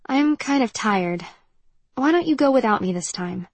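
A woman narrator voicing a guarded, tired young woman who speaks in a defensive, subdued way, slightly husky. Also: on the high side, animated, moderate pace, no room sound, pitched above the performer's own voice.

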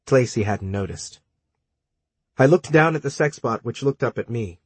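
A man narrating a story in the first person, measured and dry, with terse dialogue. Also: medium pitch, lively intonation, darkish tone, husky, no echo. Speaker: audiobook narrator.

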